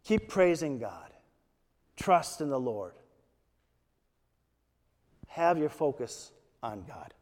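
A man preaching a sermon as a pastor, quoting scripture in a slow, deliberate way. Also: mid-range voice, sing-song, darkish tone, in a large hall.

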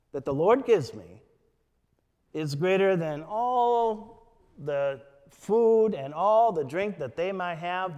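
A man preaching a sermon as a pastor, quoting scripture in a slow, deliberate way. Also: fairly high pitch, long reverb tail.

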